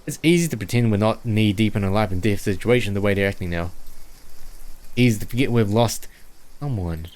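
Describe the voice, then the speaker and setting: Reading a visual novel aloud on stream, a young New Zealander stumbles over words as he goes. His Kiwi accent carries a Chinese tinge, and his voice is lowish, darkish in tone, and fairly quick.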